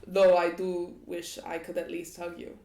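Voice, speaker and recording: Brief: woman doing a nervous, affectionate vampire lord, hushed and hurried, roomy echo. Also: fairly low pitch, monotone, vocal fry, a little hiss or hum. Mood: urgent. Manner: hushed, urgent, tender. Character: paranoid, loving male vampire lord. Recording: echoey room.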